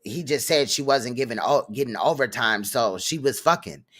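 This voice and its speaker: A man's voice: mid-range voice, normal speed, a bit bright. A man hosting a casual commentary stream, talking bluntly and profanely with a rambling flow. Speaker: host.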